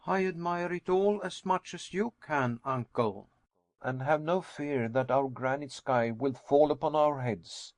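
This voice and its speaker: During a storybook reading, a man voices an anxious young nephew who questions everything, pitching it higher than his own reading voice. The sound is close and dry with no room sound, and the pace is measured.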